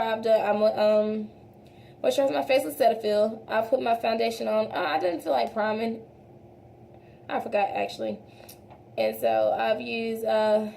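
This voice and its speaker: A young woman with a mellow, somewhat high voice and a gravelly fry talks casually through a makeup routine. She chats straight to her viewers, calls them y'all, and often trails off and starts over. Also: a little hiss or hum. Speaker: beauty vlogger. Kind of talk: casual makeup tutorial chat.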